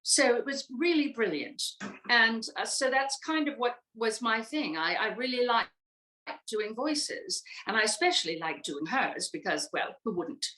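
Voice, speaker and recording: An older American woman recalling her acting career in a relaxed, rambling chat full of fillers. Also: a little high, unhurried, roomy sound, rough recording. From United States. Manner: chatty, rambling with many fillers. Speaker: guest voice actress. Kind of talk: casual interview chat.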